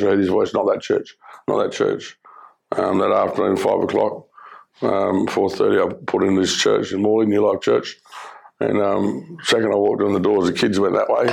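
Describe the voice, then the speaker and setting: A middle-aged Australian man giving his personal testimony, telling his story in an earnest, halting way with many fillers. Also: on the low side, vocal fry. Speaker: former criminal telling his life story.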